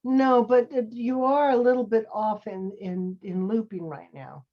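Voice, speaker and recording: A woman's voice: on the high side, unhurried. Encouraging woman acting teacher on a call. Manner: encouraging, calls students sweetie and honey. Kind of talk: coaching students in an online class. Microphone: video call. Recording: dull lo-fi call audio.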